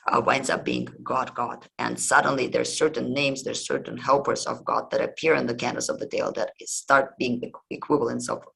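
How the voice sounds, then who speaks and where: A man's voice: mid-range voice, flat delivery, a little fast, gravelly, hardly any pauses, pushed and bright, slightly rough, rough recording. A man hosting a history podcast, retelling old myths in a casual lecture, hesitant and full of ums and restarts.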